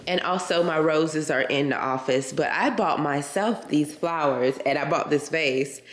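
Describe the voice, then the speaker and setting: A woman's voice: low-pitched, a little slow, hardly any pauses. A tired woman vlogger chatting casually to camera at home, calling her viewers y'all and friend. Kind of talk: casual vlog chat to camera. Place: her home, indoor rooms. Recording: echoey room at home.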